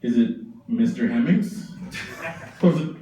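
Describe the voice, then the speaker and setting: A man voicing a panicky founding father who rushes out hushed orders to hide indoors. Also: medium pitch, expressive, background noise, pitched below the performer's own voice, natural voice. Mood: panicked. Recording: echoey room, distant mic.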